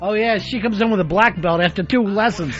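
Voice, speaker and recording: A man's voice: high voice, brisk. A man co-hosting a crude comic radio show, blunt and profane, laughing through his rants. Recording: slightly dull broadcast audio with faint music.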